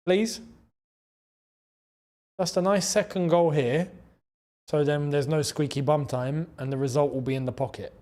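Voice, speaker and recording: Excitable high-voiced football watchalong host. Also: male voice, unhurried, pauses often. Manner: excitable, shouting at big chances then groaning; chatty, reads out and thanks chat members. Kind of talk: live match reaction commentary.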